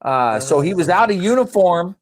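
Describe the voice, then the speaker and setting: A man's voice: high-pitched, normal speed. A male podcast host chatting casually and telling stories, laughing often as he talks. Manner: animated storyteller who laughs often. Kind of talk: casual chat and storytelling.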